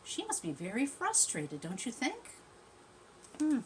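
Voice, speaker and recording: A woman teacher reading a storybook aloud to young children, gently chatty and asking them questions as she goes. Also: sits high, wildly swooping pitch, measured pace, slight background noise.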